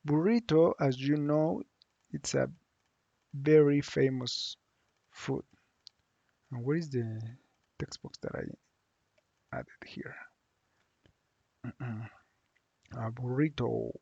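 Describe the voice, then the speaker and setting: A man from Mexico, teaching a lesson online and saying the model phrases slowly so learners can repeat them. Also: medium pitch, steady tone, vocal fry, dark tone, no echo, dull audio. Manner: slow, drawn-out model phrases for repeating aloud. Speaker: Spanish teacher.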